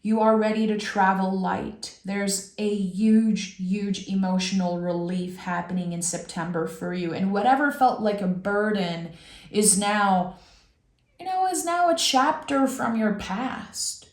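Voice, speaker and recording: A woman giving a slow, soulful tarot reading, speaking gently and earnestly to the viewer with drawn-out pauses and reassurance. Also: medium pitch. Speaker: tarot reader. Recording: roomy echo.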